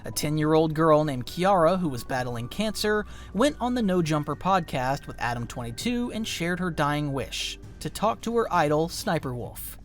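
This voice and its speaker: High, lively male documentary narrator. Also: normal speed, few pauses. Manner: dramatic, emphatic storytelling. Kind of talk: scripted narration. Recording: faint music underneath.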